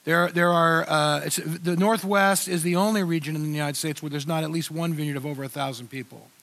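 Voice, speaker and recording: An older male pastor preaching to his church in an easygoing way. His voice sits high for a man, and he often stops and restarts mid-thought. It sounds unscripted, like a pastor talking straight to his people. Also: fairly even intonation, fairly bright tone. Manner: conversational, halting with many restarts. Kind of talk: sermon.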